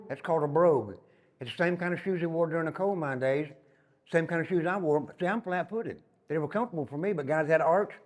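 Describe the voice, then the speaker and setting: Fast-talking older Southern man in an echoing prison hall. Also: a little mellow. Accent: Southern US, Tennessee. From Tennessee. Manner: emphatic, drops to a low murmur on repeated asides. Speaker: former inmate giving a prison tour. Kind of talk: storytelling tour guide. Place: inside an old prison building. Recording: long reverb in hard rooms.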